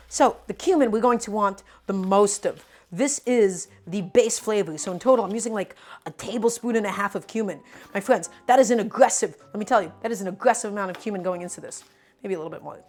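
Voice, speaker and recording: A woman streaming a live cooking demonstration, talking animatedly to viewers as her friends and repeating her points with emphasis. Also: mid-range voice. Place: home kitchen.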